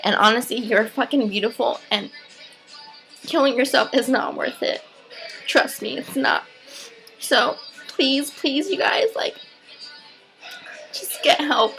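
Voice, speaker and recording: Earnest woman with a gravelly, bright voice. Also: fairly high pitch, slow pace, long pauses, soft background music, rough recording. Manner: earnest, rambling, swears freely. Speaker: vlogger. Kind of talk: casual heartfelt talk to camera.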